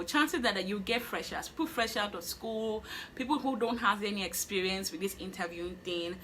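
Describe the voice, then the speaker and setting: A young woman with a Nigerian accent telling a personal story on her vlog in an animated way, laughing and acting out what she thought at the time. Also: medium pitch, a little hiss or hum. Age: young adult. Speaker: vlogger.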